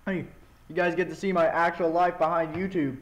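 A man's voice: on the high side, flat delivery, brisk, dull audio, slight background noise. A man casually commentating a game at home, chatting and eating with his mouth full, speaking right into a close microphone. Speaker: gaming channel host. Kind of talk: casual let's-play commentary. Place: home, indoors. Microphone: mic pressed right up against his mouth.

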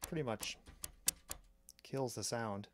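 A man calmly explaining a drum machine's sounds step by step, pausing between phrases as he demonstrates. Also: mid-range voice. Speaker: synth reviewer. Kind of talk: technical demo narration. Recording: strong mains hum on the mic.

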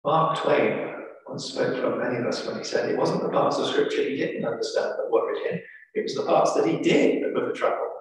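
In a big, echoey church, heard from a distance, an English-accented man delivers a sermon built around a dramatically emphasized story. His mid-range voice is animated and brisk, with some vocal fry.

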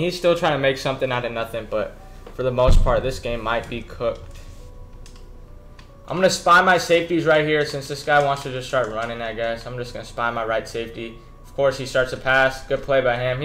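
A man's voice: medium pitch, a bit bright. A young man giving casual, slangy commentary over his own football video game match, mostly talking to himself as he plays. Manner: laid-back, slangy, talks to himself while playing. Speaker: gaming YouTuber. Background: background beats.

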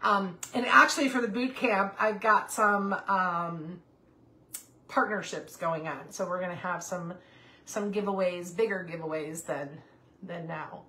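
A woman in her fifties chats through a casual crafting livestream, reading comments from viewers aloud and talking to her puppy. Her voice is on the low side, a little slow, with a sharp tone.

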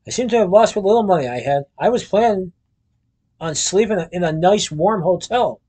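A man's voice: high voice, expressive, a little fast, warm tone. A man voicing a cheerful, polite, naive young man who speaks eagerly.

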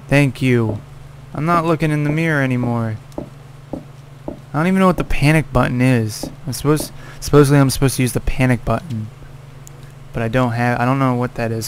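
A man's voice: mid-range voice, a little hiss or hum. A man giving casual gameplay commentary, cursing and scolding the game character. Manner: profane, exasperated, yelling at the game character. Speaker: let's play gamer.

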